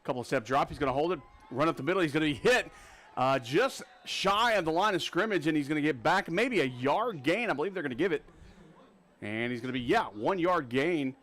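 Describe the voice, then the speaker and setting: Excitable play-by-play football announcer man. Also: fairly high pitch. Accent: Texan. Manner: rapid play-by-play, excitable on big plays. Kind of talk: live high school football commentary.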